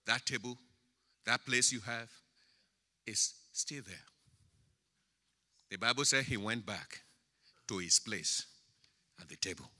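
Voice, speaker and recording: Animated, sharp-toned preaching man. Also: lowish voice, takes it slowly, pauses often. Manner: emphatic preaching, swings from quiet to loud, stretches key words. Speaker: pastor. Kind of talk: sermon. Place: church sanctuary. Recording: church hall with long reverb.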